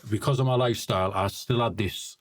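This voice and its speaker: A man's voice: on the low side, fast talker, no echo. A blunt man telling stories as a podcast guest. He often repeats words as he starts a sentence. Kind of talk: casual storytelling.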